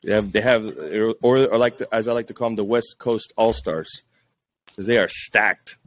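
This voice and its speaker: Guy w a telling stories on a podcast, lively, doing high voices for quotes. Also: moderate pace. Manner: animated, acts out quotes in a high voice. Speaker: podcast guest, police social media officer. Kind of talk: casual storytelling chat.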